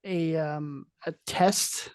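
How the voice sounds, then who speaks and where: A podcast co-host explains a ride haltingly, with lots of "um" and "like" and restarts. The sound is dry and close, with no room echo. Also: mid-range voice, darkish tone, smooth. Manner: hesitant, full of fillers, describes things with gestures. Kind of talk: casual chat.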